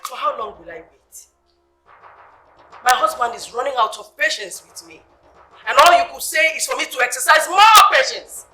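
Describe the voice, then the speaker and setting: A desperate Nigerian wife fighting for her lost savings, her voice bright and a little high. She pleads and presses hard, with soft music behind. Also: normal speed. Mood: angry demanding. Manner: pleading then demanding. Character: desperate married woman cheated of her savings. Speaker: actress. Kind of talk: film drama acting. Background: film score music.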